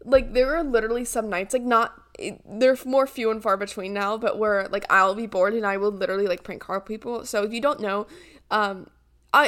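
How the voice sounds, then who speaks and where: A woman's voice: medium pitch, a bit bright. A young American woman co-hosting a podcast, chatting casually and rambling with lots of fillers and giggles. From United States. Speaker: podcast co-host. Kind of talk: casual chat.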